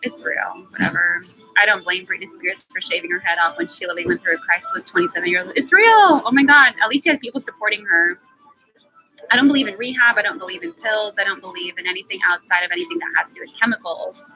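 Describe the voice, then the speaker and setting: A woman in her twenties tells her own story on a live stream with a bright, forceful tone. She talks bluntly and swears freely, and she hammers points home by repeating words. Faint music plays behind her. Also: fairly low pitch, steady tone, fast talker, low-quality recording. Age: 20s. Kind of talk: candid personal monologue.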